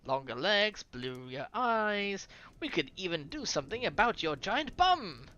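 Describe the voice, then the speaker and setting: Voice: medium pitch, sing-song, sharp tone, highs cut off. A streamer doing a lecturing scholar. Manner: lecturing, measured and deliberate. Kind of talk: reading a visual novel aloud.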